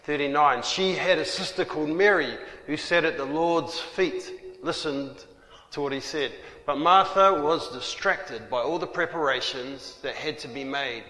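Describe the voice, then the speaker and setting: A man delivers a sermon in a warm church hall, repeating his key phrases for emphasis. His voice sits high and his pace is slow and measured. The room adds a long, ringing reverb. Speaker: preacher.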